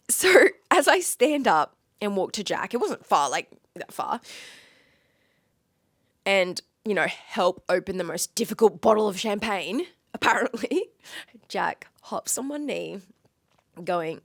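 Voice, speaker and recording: A young woman tells a personal story on her podcast, bubbly and emotional, giggling through her words. Her mid-range voice keeps slipping into a gravelly fry. She sounds close to the mic in a dead, dry space. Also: medium pitch, unhurried, no room sound. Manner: giggly, gushing and emotional, lively retelling. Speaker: podcast host.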